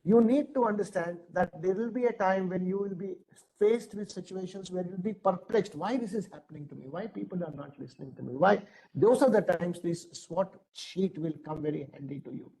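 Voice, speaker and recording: Trainer, male, middle-aged, Indian English accent; high pitch, emphatic, repeats points for effect. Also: a little fast, creaky, mellow, low-quality recording. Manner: earnest, emphatic, repeats phrases. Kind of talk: lecture to adults.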